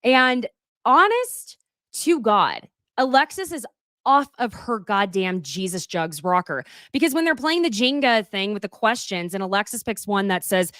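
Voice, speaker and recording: A woman in her thirties co-hosting a casual recap chat, animated and profane, slipping into quick impressions of the people she talks about. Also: fairly high pitch, no room sound, studio quality. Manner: animated, profane, mimics people with put-on voices. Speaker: podcast co-host.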